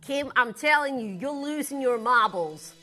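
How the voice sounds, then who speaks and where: A woman voicing a cheery, loud American cowgirl with a put-on cowboy drawl, hollering her lines in a studio. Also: high voice, lively intonation, normal speed, faint music behind.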